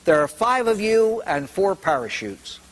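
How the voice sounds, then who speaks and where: A man voicing a hurried pilot, talking rapidly and urgently. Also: high voice, sing-song, full character voice.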